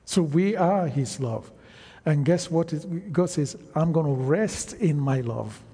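A man preaching a sermon, slow and emphatic, calling out to the congregation for responses. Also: fairly high pitch, expressive, dark tone, slightly rough, in a large hall.

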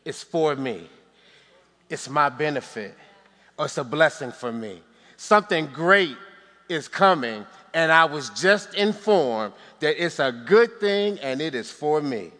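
A man's voice: fairly high pitch, expressive, measured pace, pushed and bright. A man preaching a sermon from the pulpit, calling for responses from the congregation and slipping in joking asides. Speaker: pastor. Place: church sanctuary. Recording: long church hall reverb.

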